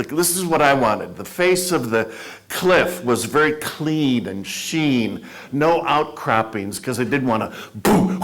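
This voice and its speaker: A man's voice: medium pitch, a bit bright. A man giving a humorous, self-deprecating storytelling talk to a club audience in a meeting room. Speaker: motivational speaker.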